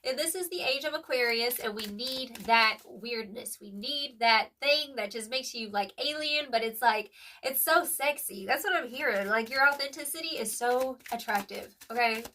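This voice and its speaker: A young woman's high, bright voice runs through a casual tarot reading. She talks in an emphatic, slangy way, calls the listener "boo-boo," and punctuates her points with "period." She sits a little back from the mic. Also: normal speed, few pauses, recorded from a distance, slight background noise. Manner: chatty, emphatic, lots of "like" and "period". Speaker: tarot reader.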